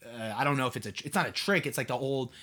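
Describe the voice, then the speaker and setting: Speaking very fast with a sharp tone at medium pitch, a man rambles through a casual solo monologue on his own podcast. This host and mentor keeps asking his listeners rhetorical questions and fills his speech with "like."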